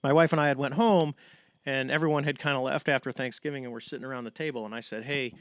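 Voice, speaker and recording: A middle-aged American man speaks quickly as a podcast guest, swinging into the voices of the people he quotes. His voice sits close to the mic with almost no room sound. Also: medium pitch, fairly even intonation, no echo. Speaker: podcast guest, retired navy pilot. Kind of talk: casual storytelling.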